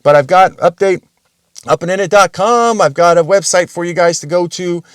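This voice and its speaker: A man's voice: high voice, moderate pace, clean tone, no echo, studio quality. A man hosting his own podcast, talking casually and bluntly in a rambling solo monologue, swearing freely. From Russian family background. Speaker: podcast host.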